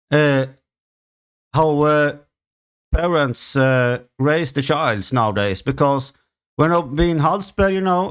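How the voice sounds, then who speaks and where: A man with a Swedish accent, frustrated and swearing a lot, ranting on his own podcast in a halting way full of fillers. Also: a little high, clean tone. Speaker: channel host. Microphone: home recording setup.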